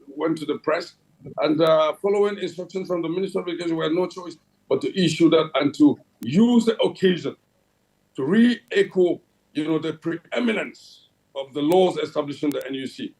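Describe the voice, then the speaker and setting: A man's voice: a little high, moderate pace, darkish tone, rough recording. A Nigerian man heading a regulatory agency, answering in a TV interview in a formal official tone, with many fillers and restarts. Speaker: head of a regulatory agency, guest. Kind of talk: television interview.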